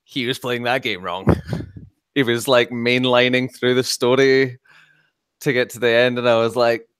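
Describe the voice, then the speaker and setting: Animated podcast guy on a headset. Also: measured pace, smooth, dry recording. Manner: animated, acts out quotes with big pitch jumps. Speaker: podcast co-host. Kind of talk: casual chat.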